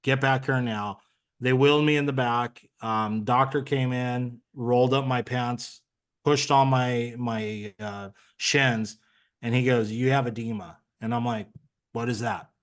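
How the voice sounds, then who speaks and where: A man's voice: mid-range voice, steady tone, unhurried, clean tone. A man speaking as an interview guest, telling his story in an earnest, conversational way with plenty of fillers. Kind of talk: candid personal story.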